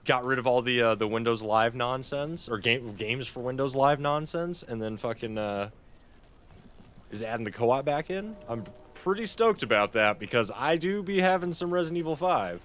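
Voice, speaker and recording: A man's voice: medium pitch, lively intonation, normal speed, fairly bright tone, slight background noise. A man streaming a video game, chatting casually with viewers, swearing freely and laughing often. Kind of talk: casual gameplay commentary.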